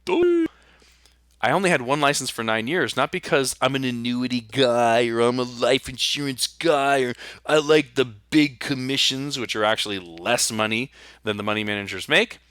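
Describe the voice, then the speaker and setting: A man's voice: mid-range voice, lively intonation, normal speed, fairly bright tone, clean tone, no room sound, clean studio sound. A man hosting a podcast, delivering a fired-up, blunt and sarcastic solo monologue. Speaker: podcast host and retirement planner.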